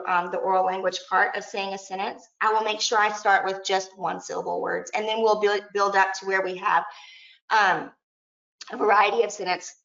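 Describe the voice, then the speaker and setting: A woman's voice: mid-range voice, creaky, a bit bright. A woman presenting a teacher training lesson, modeling classroom prompts in an upbeat way. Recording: echoey room, dull lo-fi audio.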